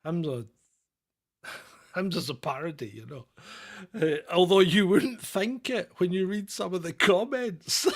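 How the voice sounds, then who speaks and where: A man's voice: sits high, measured pace. A man from Britain co-hosting a casual comedy chat show, mocking and irreverent, often laughing. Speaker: podcast co-host.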